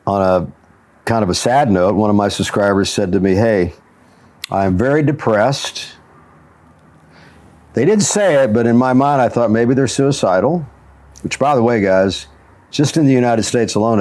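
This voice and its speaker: A man's voice: on the low side, a little mellow. A man hosting a motivational talk show, telling stories and chuckling often as he talks. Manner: storytelling with frequent chuckles. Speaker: show host and jiu-jitsu instructor.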